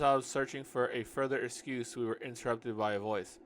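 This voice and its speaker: Reading from his own novel in a casual, wisecracking way, this man keeps breaking off to poke fun at and dispute his own prose, correcting himself as he goes. His mid-range voice stays steady and moves a little fast with hardly any pauses, over a slight background hiss or hum.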